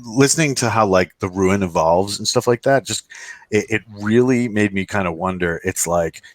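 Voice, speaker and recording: A man's voice: lowish voice, moderate pace, dry recording. A man co-hosting a casual roundtable chat, telling rambling stories and acting out the people in them. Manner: rambling storyteller, acts out quoted voices. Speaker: podcast co-host.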